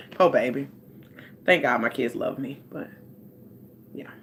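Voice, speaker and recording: A woman's voice: rumbling low, expressive, slow pace, a little hiss or hum. A woman, a life coach hosting a casual livestream from home on her phone. She rambles and talks straight to her viewers.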